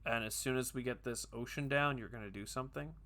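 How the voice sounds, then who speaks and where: A man giving casual, chatty commentary while playing a game, talking to himself with quick jokey asides. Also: mid-range voice, bright, forceful tone. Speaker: gaming video host.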